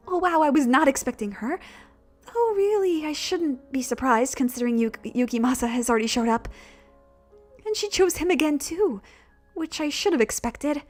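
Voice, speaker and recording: A woman streamer reads a visual novel aloud, her voice high and bouncing through a wide range. She mixes narration with chatty asides, and soft music plays behind her. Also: moderate pace. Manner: lively, expressive reading with chatty asides.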